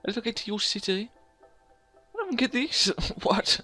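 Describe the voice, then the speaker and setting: Hyped gamer guy, hums his own music, soft game music behind. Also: extremely high pitch, moderate pace. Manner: excitable, hums sound effects and theme music. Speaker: let's play gamer. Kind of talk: game commentary.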